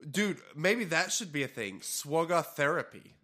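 A man with a bright, ringing voice co-hosts a podcast in casual chat. He is jokey and loose, filling his talk with filler sounds. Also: a little high, animated, a little slow. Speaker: podcast co-host.

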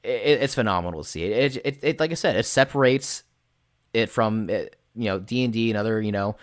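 Casting note: low-voiced game master guest, rambling and casual, heavy on fillers. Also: male voice, brisk, no echo, clean studio sound. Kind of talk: casual interview chat.

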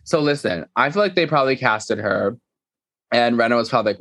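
A man co-hosting a podcast, recapping reality TV in loose, profane chat. His pitch swings widely as he acts out other people's lines, and the recording is dry and close. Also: a little fast, vocal fry, dry recording. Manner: animated, quoting people in mock voices, swearing. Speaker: podcast co-host.

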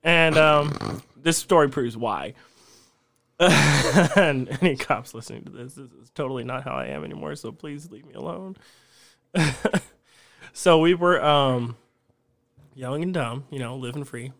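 A man's voice: medium pitch, expressive, unhurried, gravelly, long pauses, fairly bright tone. A young man, a podcast guest telling a rambling, profane story and laughing along the way.

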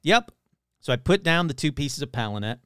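A man's voice: mid-range voice, expressive, fast talker, fairly bright tone, clean tone, no echo, clean studio sound. A man telling a comic story in a casual, rambling way, full of "like" and self-corrections.

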